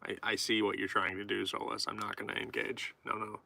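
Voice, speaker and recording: A man's voice: on the low side, flat delivery, a little fast, vocal fry, bright, forceful tone, dry recording. A man live-streaming, chatting casually and goofily with viewers while he writes poetry. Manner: goofy, rambling, chatting to viewers. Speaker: streamer writing poetry with chat.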